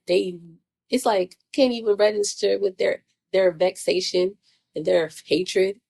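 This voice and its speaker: Gravelly-voiced woman venting bluntly. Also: medium pitch, steady tone, measured pace, darkish tone. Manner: blunt, profane, repetitive rhetorical questions. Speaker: vlogger. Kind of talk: casual spiritual venting monologue.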